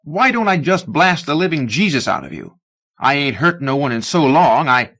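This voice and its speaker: A man reading a story aloud, voicing an angry, volatile young man who snaps and shouts threats. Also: mid-range voice, animated, a little slow. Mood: furious.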